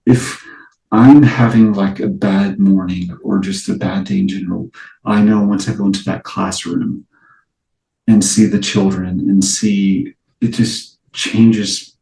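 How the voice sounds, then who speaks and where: A man's voice: lowish voice, vocal fry, warm tone, reverberant, far from the mic, rough recording. A man who works as an early childhood educator, talking earnestly in a casual interview with many fillers and restarts.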